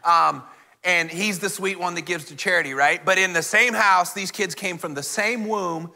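Pastor guy in his 40s telling a family story in a sermon, bright slightly high voice, big echoey hall. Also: normal speed, creaky. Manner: storytelling, acts out family dialogue, addresses congregation directly. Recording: reverberant hall.

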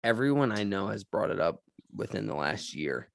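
Gravelly man telling lively stories. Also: on the low side, normal speed. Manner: animated storyteller, laughs often. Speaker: podcast co-host, pastor. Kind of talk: casual chat.

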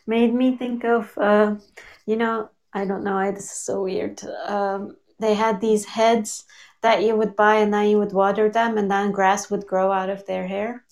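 Slow-talking, giggly woman podcaster. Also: medium pitch, flat delivery, a little mellow. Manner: giggly, unhurried talk with frequent laughs. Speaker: podcast co-host. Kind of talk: casual chat.

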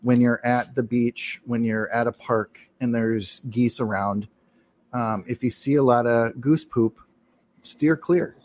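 A man's voice: medium pitch, steady tone, slow, darkish tone. Rambling man with filler words. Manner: rambling, many fillers and restarts. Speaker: podcast co-host. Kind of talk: casual chat.

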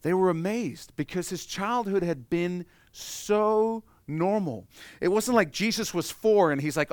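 Smooth-voiced male preacher, hushed to animated. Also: high-pitched, unhurried, no echo, clean studio sound. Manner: conversational preaching, swings from hushed to loud and animated. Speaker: pastor. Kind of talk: sermon.

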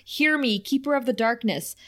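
A woman's voice: a little high, normal speed, voice pushed up, close to an everyday voice. A woman voicing a grieving young witch who speaks in a pleading, urgent way.

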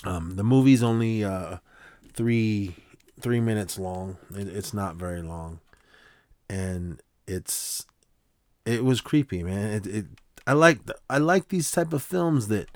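A man's voice: fairly low pitch, darkish tone, no echo. A man hosting a podcast, casually recapping a short film in a rambling way, with frequent fillers and restarts. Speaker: podcast host.

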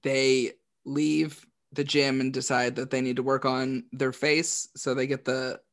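A man chatting casually as a podcast co-host, laughing as he retells scenes in quick quoted voices. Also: mid-range voice, little pitch movement, a bit bright. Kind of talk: casual chat.

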